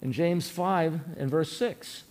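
A man's voice: fairly high pitch, slow pace, a little mellow. A man preaching a sermon in an earnest, folksy way, telling a personal story and asking his listeners questions.

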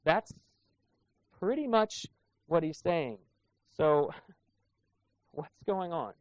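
The pastor here is animated, with a slightly high voice and drawn-out words, and there's no echo. He preaches in a conversational style, asking rhetorical questions of the congregation, captured on a dull lo-fi recording.

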